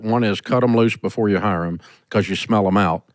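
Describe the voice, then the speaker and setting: A middle-aged man hosting a call-in business advice show, blunt and animated as he tells stories, recorded in a studio. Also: on the low side, brisk, dry recording. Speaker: host giving business advice.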